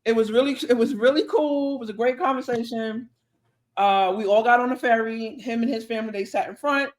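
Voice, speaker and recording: Podcast co-host, casual storyteller, chatty, mid-range voice. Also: mid-range voice. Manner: chatty, drawn-out anecdote with quoted dialogue.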